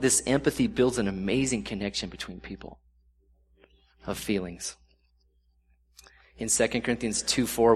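Man preaching, middle-aged, low voice, earnest, conversational, slow on scripture. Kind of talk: sermon.

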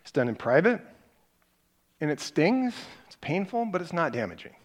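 A man's voice: fairly high pitch, sing-song, moderate pace. A middle-aged man giving a sermon in a conversational way, telling stories with acted-out quotes. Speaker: preacher.

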